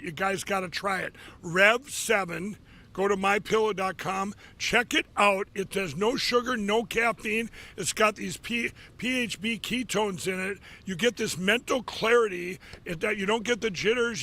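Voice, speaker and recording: Gravelly, bright-voiced rambling male host. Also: high voice. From Minnesota. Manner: rambling, many fillers and restarts, excitable. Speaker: show host. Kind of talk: casual live monologue with ad pitches. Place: office.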